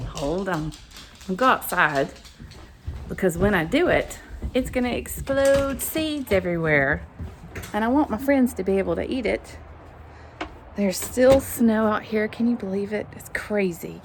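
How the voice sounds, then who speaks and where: Lively woman teaching kids a craft. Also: medium pitch, unhurried, a little hiss or hum. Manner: animated, talks straight to kids. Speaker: children's teacher. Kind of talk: children's activity lesson.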